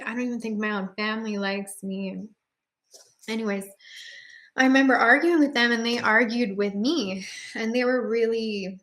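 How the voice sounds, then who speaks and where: A woman's voice: medium pitch, a bit bright. A woman giving her personal faith testimony in a casual storytelling way, earnest and emotional, with many fillers and restarts.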